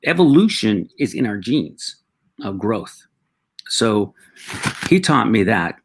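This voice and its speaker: A middle-aged man, a talk show guest, telling reflective personal stories with halting restarts. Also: lowish voice, sing-song, a little hiss or hum. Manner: reflective, halting, with frequent restarts and acted quotes.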